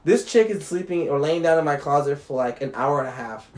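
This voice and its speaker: A man's voice: fairly high pitch, lively intonation, fairly quick. Young man telling a story, laid-back. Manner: laid-back, swears freely, laughs through his story. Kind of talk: casual storytelling chat.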